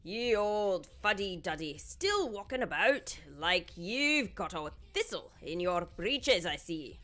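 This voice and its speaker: A woman's voice: mid-range voice, sing-song, slow, bright, forceful tone, heavily acted. Woman putting on a cheeky old Scottish lord. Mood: teasing. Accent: put-on Scottish. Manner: reading game dialogue aloud, teasing. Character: elderly Scottish lord Dingwall, cheeky and boastful.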